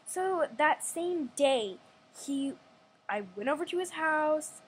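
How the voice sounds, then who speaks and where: A woman's voice: high-pitched, animated, takes it slowly, rough recording. A young woman telling a rambling story at home, with many restarts and acted-out quotes. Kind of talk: casual storytime vlog.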